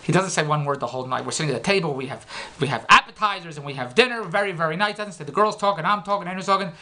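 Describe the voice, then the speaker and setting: A man's voice: on the high side, very fast, sharp tone. A man in his fifties telling a rambling comic story, repeating himself and making wry self-mocking asides.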